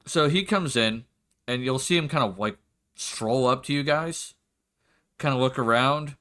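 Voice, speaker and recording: A man's voice: medium pitch, unhurried, pushed and bright. A man narrating as game master of a tabletop game, rambling and correcting himself as he goes. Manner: rambling, laughs and self-corrects.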